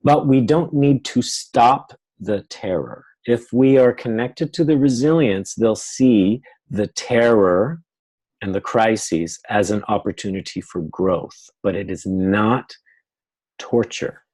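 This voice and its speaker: A man's voice: on the low side, takes it slowly, a little mellow, slightly rough, poor audio. A man leading a live webinar, explaining ideas and acting out what clients say in quoted voices. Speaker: webinar teacher.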